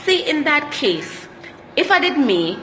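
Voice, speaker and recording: A woman's voice: high-pitched, very animated, slow pace, bright, forceful tone, in a large hall, slight background noise. A Jamaican woman telling travel stories in a casual vlog, slipping into patois as she talks. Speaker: travel vlogger.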